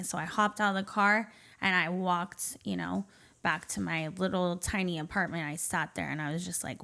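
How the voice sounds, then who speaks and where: A woman's voice: lowish voice, gravelly, a bit bright. A woman from the Portland area, speaking as a podcast guest and telling her life story candidly, with many fillers and short nervous laughs. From Portland area, Oregon, USA. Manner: conversational, many fillers like "you know" and "um", light nervous laughs. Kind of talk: candid personal storytelling in an interview.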